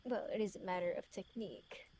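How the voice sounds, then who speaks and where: A woman's voice: mid-range voice, animated, a little fast, mellow, a little hiss or hum, natural voice. A woman reading the lines of a smug, teasing otherworldly young man from a story game aloud, in a put-on British accent.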